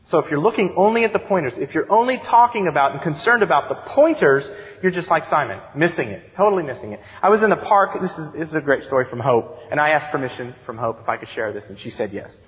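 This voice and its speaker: Youth pastor guy preaching, lively up and down voice, fairly high, big church echo, kinda muffled. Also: fast talker. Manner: animated storytelling, acts out excited voices. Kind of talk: sermon. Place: church sanctuary. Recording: dull sound with long church reverb.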